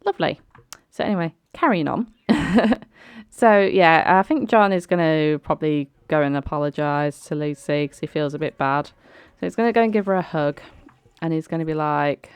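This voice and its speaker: Studio-quality and dry, this recording captures a young woman's deep, smooth, animated voice as she hosts a life-sim let's play. She talks casually over the gameplay, leaning on fillers and bursting into laughs and sudden exclamations.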